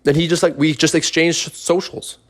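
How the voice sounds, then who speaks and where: A man's voice: fairly high pitch, level tone, normal speed. A young man with a Canadian accent, a podcast guest telling stories in loose, profane casual chat full of fillers. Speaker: guest, rapper.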